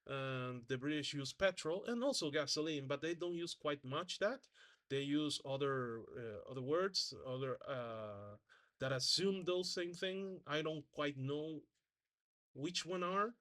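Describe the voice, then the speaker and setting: A man with a slightly high voice talks through a spoken exam presentation as a student. He is hesitant, often restarting and correcting himself, and he demonstrates sounds by saying example words aloud. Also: fairly bright tone.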